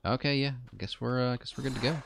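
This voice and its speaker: A man's voice: mid-range voice, quick pace, vocal fry, a bit bright, slight background noise. A man streaming a game and chatting casually at his PC, rambling and correcting himself as he plays. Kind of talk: casual gameplay commentary.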